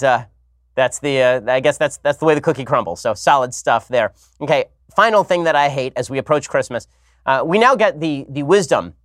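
In studio-quality audio with no room sound, a man in his thirties with a slightly high, fairly bright voice hosts a podcast. He rambles through a story casually, dropping sarcastic, wry remarks along the way.

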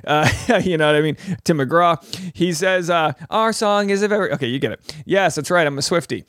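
A man in his thirties hosting a podcast, recapping a reality show with rambling jokes and quick mock voices for quotes. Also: fairly high pitch, fairly bright tone, no room sound, clean studio sound.

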